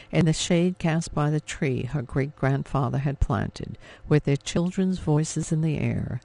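A man narrating an audiobook in a steady, expressive storytelling manner. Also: a little high, gravelly, no room sound. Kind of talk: scripted narration.

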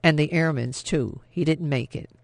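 Male reader doing a pressing, determined younger sister, gravelly edge. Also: on the high side, normal speed, dry recording. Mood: urgent.

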